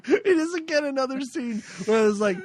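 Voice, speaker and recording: A woman hosting a podcast, retelling movie scenes in an animated way and giggling often. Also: sits high. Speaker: podcast host. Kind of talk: casual movie review chat.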